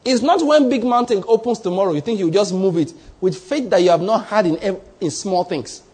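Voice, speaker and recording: A man's voice: high voice, brisk, darkish tone, slightly rough. A man preaching a sermon, posing rhetorical questions to his congregation. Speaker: pastor.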